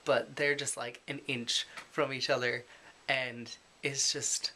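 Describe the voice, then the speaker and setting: A man's voice: medium pitch, little pitch movement, slow, sharp tone, a little hiss or hum. A man chatting casually to the camera in a daily vlog, rambling with lots of fillers and self-deprecating asides. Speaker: vlogger.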